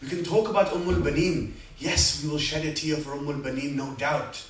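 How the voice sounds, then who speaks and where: A man with a fairly high voice delivers a sermon, telling stories with surging dramatic passages and hushed reflective ones. He is heard from some distance in a reverberant hall, with a faint hum of room ambience behind him. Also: fairly even intonation, brisk. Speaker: speaker at a religious gathering. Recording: echoey hall, speaker far from mic, faint room noise.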